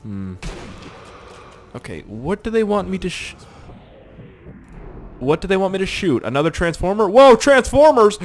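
Young male gamer, let's play commentary, goofy rambling delivery, swings high and low. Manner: rambling, joking, swears a lot. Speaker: gaming YouTuber.

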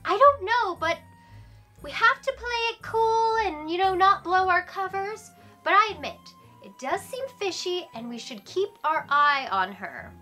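Bright high upbeat young woman. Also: expressive, a little slow, soft background music. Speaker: team leader in a teen series. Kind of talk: teen web series acting.

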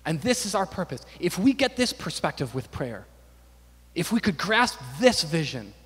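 A man's voice: sits high, very animated, normal speed, a bit bright, slightly rough, in a large hall. A man preaching a sermon to his church, emphatic and repetitive, building to fervent declarations. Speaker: pastor.

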